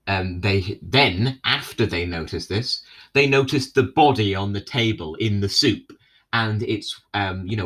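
A man's voice: low voice, a bit bright. A young man casually retelling a TV episode. He rambles, fills gaps with "you know" and keeps checking in with "right?". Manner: rambling, filler-heavy, keeps asking "right?". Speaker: episode recapper.

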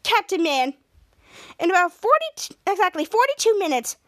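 A woman's voice: extremely high pitch, very animated, moderate pace, a bit bright, no echo, clean studio sound, voice pushed up, full character voice. A woman voicing a bossy, gloating villain who is a toddler.

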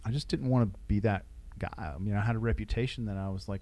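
A man with a somewhat low voice recalls his military training as a guest in a casual interview. He tells his stories haltingly, often breaking off and starting over. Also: warm tone. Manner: halting storytelling with restarts.

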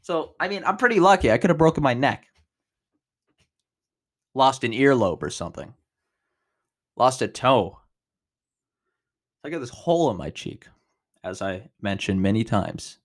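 A man in his twenties hosting a podcast, telling a personal story in a casual, animated way, with big jumps in pitch and loudness. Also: a little slow, long pauses. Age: 20s. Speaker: podcast host.

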